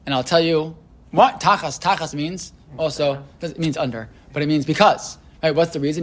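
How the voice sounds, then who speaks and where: A man's voice: a little high, moderate pace, slight background noise. Casual, hesitant male teacher. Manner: conversational, hesitant, many fillers and restarts; asks students questions. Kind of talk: informal religious text class.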